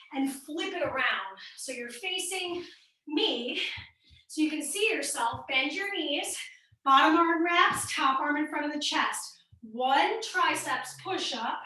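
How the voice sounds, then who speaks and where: A woman's voice: high-pitched, bright, forceful tone. Upbeat woman fitness coach, light Midwestern accent, recorded from a distance in a very echoey room. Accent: Midwestern American. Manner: upbeat, encouraging coaching while exercising. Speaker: fitness instructor. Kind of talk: workout class instruction.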